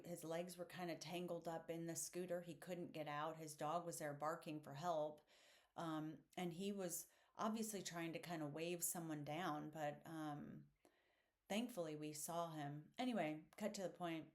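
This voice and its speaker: A man hosting a podcast, telling a personal story in a reflective, hesitant way with frequent fillers, earnest and heartfelt. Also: fairly high pitch. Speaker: podcast host.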